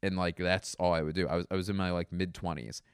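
A man's voice: low-pitched, level tone, fast talker, clean tone, no room sound, clean studio sound. A man around thirty talking in a casual, rambling monologue at home, often mocking himself and laughing. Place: indoors at home.

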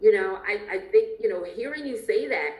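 Expressive woman podcast host, roomy sound. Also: mid-range voice, a little fast. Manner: expressive, laughs often, emphatic. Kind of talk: casual interview chat. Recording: roomy echo.

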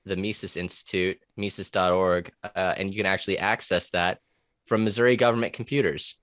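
Deep-voiced man rambling casually. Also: steady tone, normal speed, a bit bright, dry recording, clean studio sound. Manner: rambling, profane, with many fillers and restarts. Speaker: podcast guest, former corrections officer. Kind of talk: casual conversational podcast.

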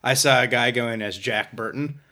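A man's voice: medium pitch, normal speed, bright, forceful tone. A man co-hosting a podcast, jokey and rambling, often stumbling over his words. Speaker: podcast co-host. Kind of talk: casual chat.

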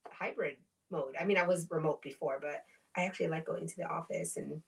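A woman's voice: low-pitched, brisk, creaky, distant mic. A woman co-hosting a podcast, chatting casually and telling stories with acted-out quotes and frequent swearing. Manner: animated storytelling, acts out quoted voices, swears freely. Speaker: podcast co-host. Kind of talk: casual chat.

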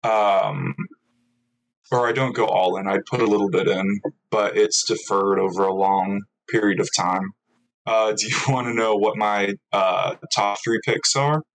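A man's voice: fairly low pitch, fairly even intonation, measured pace, creaky, rough recording. A young man chatting casually in an interview, rambling and self-mocking, filling gaps with ums and little laughs.

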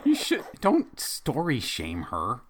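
Teasing dad co-host with a lively voice. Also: male voice, mid-range voice, background noise. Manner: playful, teasing, quick to laugh. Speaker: podcast co-host; father. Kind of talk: casual chat.

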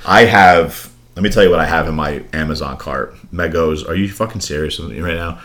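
Deep-voiced man in profane banter. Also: fairly bright tone, slight background noise. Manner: profane, storytelling. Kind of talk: casual chat.

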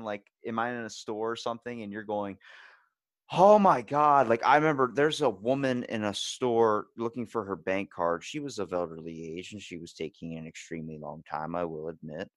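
A man's voice: lowish voice, no room sound, clean studio sound. A man hosting a podcast, talking bluntly and casually, swearing freely as he tells stories. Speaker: podcast host. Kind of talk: casual conversation.

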